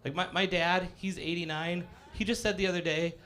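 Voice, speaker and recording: A man's voice: high voice, fairly even intonation, brisk, bright, forceful tone. Man, fifties, stand-up comic in a cafe, rambling self-deprecating patter. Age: 50s. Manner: rambling, self-deprecating, filler-heavy delivery with acted-out voices. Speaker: stand-up comedian. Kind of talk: live stand-up set. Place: live comedy cafe stage.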